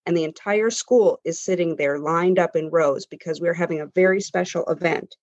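A woman in her fifties telling a reflective personal story in a measured way. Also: lowish voice, darkish tone, no echo. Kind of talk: personal story told on stage. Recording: dull lo-fi recording.

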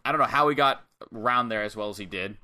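A man's voice: lowish voice, fast, bright, forceful tone. A man in a casual podcast chat, recapping a match play by play in a loose, swearing, storytelling way.

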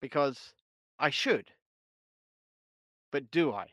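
Bright-voiced, slow-talking man hosting. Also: medium pitch, lively intonation, no echo, studio quality. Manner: swears a lot, laughs often, banters. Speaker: livestream host. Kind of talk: casual live chat.

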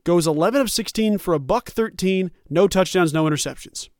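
Man, sports show host, college football commentary, emphatic, sarcastic, high pitch. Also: a little fast, a little mellow, no room sound, studio quality.

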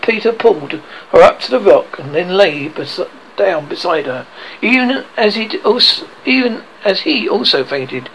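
A man's voice: a little high, slight background noise, rough recording. A man narrating a storybook aloud, often stumbling and correcting himself. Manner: reads with frequent stumbles and self-corrections. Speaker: audiobook reader.

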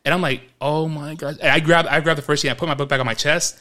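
A man's voice: a little high, racing. A man from New York, co-hosting a podcast, telling a story in a casual chat, acting out quotes and laughing as he goes. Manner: animated, acts out quotes, laughs mid-story. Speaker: podcast co-host.

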